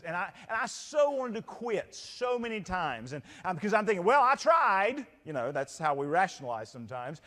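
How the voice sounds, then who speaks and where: A middle-aged man giving a motivational keynote, telling a story with lively acted-out quotes. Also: high-pitched. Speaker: keynote speaker. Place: large convention hall. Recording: long hall reverb.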